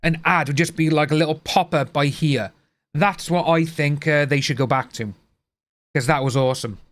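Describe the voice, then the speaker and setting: A man's voice: fairly high pitch, normal speed, fairly bright tone. A man chatting casually to his livestream viewers, blunt and ranting, swearing freely. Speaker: livestream host.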